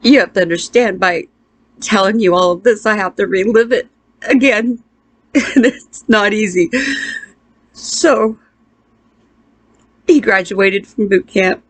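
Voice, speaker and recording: A middle-aged woman tells a painful personal story, halting and emotional, with restarts and pauses. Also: mid-range voice. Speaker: interviewee.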